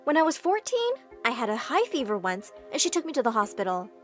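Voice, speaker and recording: A woman narrating a first-person animated story in a brisk, expressive way. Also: sits high, soft background music.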